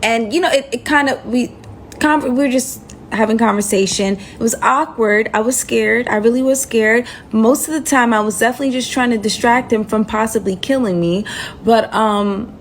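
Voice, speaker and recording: A young adult woman telling a casual storytime. She is animated and talks in quick bursts, then drops hushed and tense as the story turns scary. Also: a little high, slight background noise.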